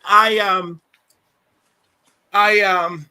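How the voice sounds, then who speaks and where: A man hosting a livestream, telling stories in a casual, animated way and acting out quotes. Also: high voice, very slow, clean tone, dry recording, low-quality recording. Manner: animated, acts out quotes, many restarts. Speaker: livestream host. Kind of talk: casual storytelling chat.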